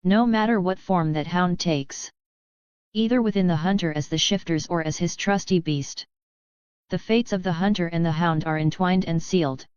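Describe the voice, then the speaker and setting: A woman's voice: lowish voice, normal speed, a little mellow, clean tone, no echo, lightly acted. A woman voicing an ancient, proud wolf spirit who speaks in grave, formal language. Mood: solemn. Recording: dull lo-fi sound.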